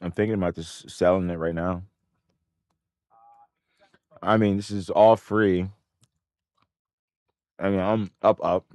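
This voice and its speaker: A man's voice: deep voice, slow, long pauses, no room sound, studio quality. Stunned man muttering over his trades. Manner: excitable, swearing, repeats himself in disbelief. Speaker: options trader. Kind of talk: live trading commentary to himself.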